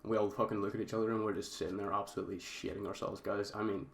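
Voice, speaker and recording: Low-voiced young man telling a story. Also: level tone, racing, vocal fry. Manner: rambling, keeps addressing viewers as guys. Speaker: vlogger. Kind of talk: casual storytime. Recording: roomy echo, faint background noise.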